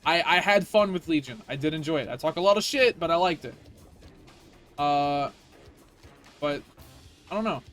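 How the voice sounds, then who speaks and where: A man's voice: on the high side, expressive, normal speed, long pauses, fairly bright tone, faint music behind. A man streaming a video game, ranting in casual, profane commentary.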